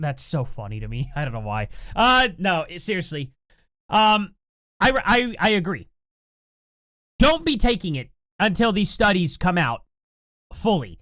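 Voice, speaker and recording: A host delivers a sarcastic, animated commentary rant with laughing asides. The pitch leaps around a lot, and the sound is dry, coming from a plain computer mic at home. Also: unhurried, long pauses, no echo. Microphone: home computer mic, no compressor.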